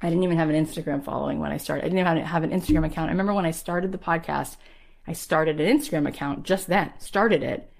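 A woman hosting her own podcast, talking earnestly and emphatically in a motivational monologue, telling quick stories. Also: low-pitched, creaky, darkish tone. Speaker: podcast host.

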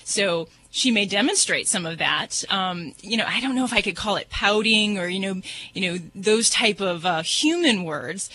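A woman's voice: medium pitch, animated, normal speed, bright, forceful tone. A woman giving pet advice on a radio call-in show, thoughtful and hedging, with a lot of fillers. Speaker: pet expert guest.

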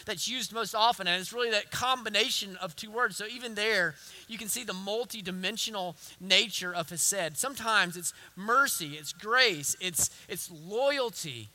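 Southern guy preaching, high bright voice, earnest and building up, repeats for emphasis. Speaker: pastor. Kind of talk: sermon.

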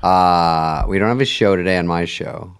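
A man's voice: sits low, normal speed, smooth, no room sound, clean studio sound. A middle-aged man on a podcast, chatting casually and acting out quotes as he tells stories. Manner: animated storytelling, acts out quotes. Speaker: late-night host, guest.

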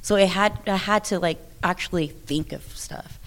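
Woman wrestler, interview guest: chatty, animated, frequent restarts and laughs. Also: fairly low pitch, normal speed. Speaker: professional wrestler. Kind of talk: interview conversation.

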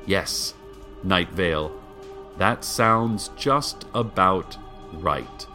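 A man narrating as a radio host, deadpan and slow, with dramatic pauses. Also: low-pitched, faint music behind.

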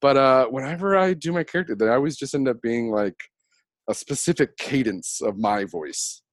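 A man hosting a casual chat about role-playing characters, talking in a chatty, animated way and laughing often. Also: medium pitch, normal speed, no echo.

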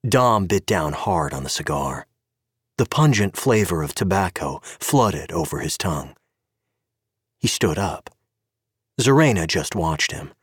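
A man reads fiction aloud in a deep, husky voice with lively, swinging intonation. His pace is slow and the sound is close and dry. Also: dry recording. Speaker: narrator. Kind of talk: audiobook narration.

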